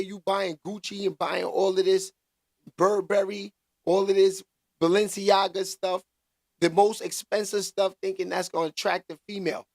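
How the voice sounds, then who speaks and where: A man's voice: high-pitched, creaky, dry recording, studio quality. A man hosting a casual commentary vlog, talking in slangy, emphatic bursts and repeating catchphrases.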